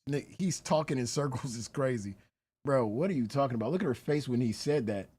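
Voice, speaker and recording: A woman's voice: very deep voice, lively intonation, a little fast, dark tone, slightly rough. A woman reaction streamer talking bluntly and incredulously in casual commentary, swearing and laughing often.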